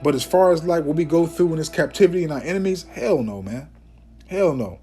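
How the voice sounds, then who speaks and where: A man's voice: fairly high pitch, mellow, faint music behind. Emphatic preaching man. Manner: emphatic, preachy, peppers talk with "man" and "okay?"; reads Bible verses aloud in a slower, declaiming voice. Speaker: Bible teacher. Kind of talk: informal scripture teaching.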